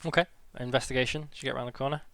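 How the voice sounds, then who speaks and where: A man narrating as game master, relaxed and rambling, with many fillers. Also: mid-range voice, rapid-fire.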